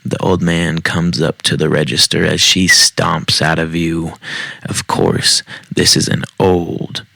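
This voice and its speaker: A man's voice: sits low, flat delivery, slow pace, vocal fry, bright, forceful tone, no echo. A man hosting a casual storytime podcast, reading Reddit posts with wry, profane asides. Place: home basement.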